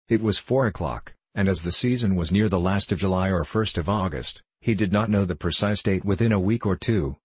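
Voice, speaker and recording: A man reads a story aloud in a measured, even way. His voice sits very low with a husky grain, and the sound is close and dry with no room around it. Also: no echo. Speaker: audiobook narrator. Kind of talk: scripted narration.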